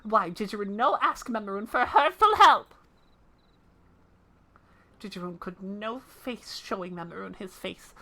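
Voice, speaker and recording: A woman's voice: medium pitch, lively intonation, a little slow, pauses often, sharp tone, exaggerated voice. A woman voicing a small, anxious merchant who speaks broken English and refers to himself in the third person. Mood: earnest.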